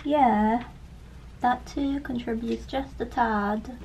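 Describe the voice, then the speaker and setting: A woman's voice: a little high, fairly even intonation, slow, very noisy. A young woman chatting casually as a travel vlogger, upbeat and narrating her day. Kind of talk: casual vlog chat. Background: music bed.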